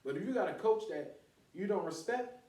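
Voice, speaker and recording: Animated man in an echoey room. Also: high voice, fairly quick. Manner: animated, opinionated, slangy. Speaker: podcast host. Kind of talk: casual sports talk. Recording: echoey room, mic at a distance.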